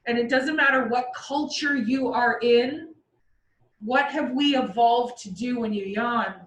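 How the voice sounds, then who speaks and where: A woman chatting casually and explaining animal behavior, acting out the animals' thoughts in lively asides. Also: a little high, measured pace, highs cut off. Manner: lively, acts out animals' inner voices. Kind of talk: casual chat. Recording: roomy echo, far from the mic, faint background noise.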